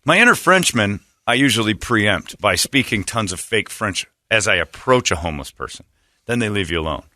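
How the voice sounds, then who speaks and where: A man with a fairly low but bright, forceful voice tells an animated story on a morning radio show. He talks close to a studio mic in a dry room, with little echo around him. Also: normal speed. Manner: animated storyteller, slips into silly put-on voices. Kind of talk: casual morning-show banter.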